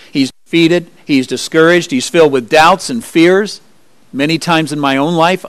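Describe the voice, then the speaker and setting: A man preaching a sermon as pastor, expressive, rising high for emphasis and dropping low and quiet. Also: no room sound. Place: church.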